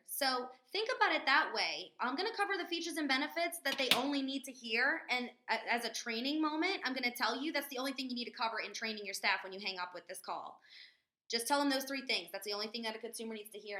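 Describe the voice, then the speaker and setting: Woman sales trainer, slightly high, bright voice, chatty webinar delivery, echoey office room. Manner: energetic, chatty, lots of fillers.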